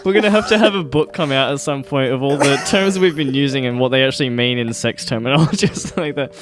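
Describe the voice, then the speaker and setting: A man's voice: mid-range voice, quick pace, music in the background. A man co-hosting a podcast in casual chat, rambling and easily sidetracked, often laughing as he talks. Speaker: podcast co-host.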